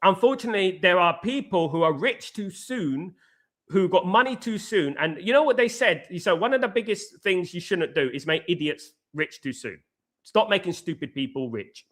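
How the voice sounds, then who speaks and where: A man's voice: sits high, animated, normal speed, a bit bright. A man hosting a casual live football talk stream, ranting emphatically and repeating his points. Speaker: host.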